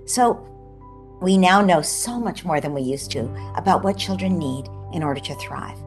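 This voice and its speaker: Animated woman explaining gently. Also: fairly low pitch, normal speed, faint music behind. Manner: animated, explanatory, dips into soft near-whispers. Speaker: psychologist guest. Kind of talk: interview answers. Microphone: video call.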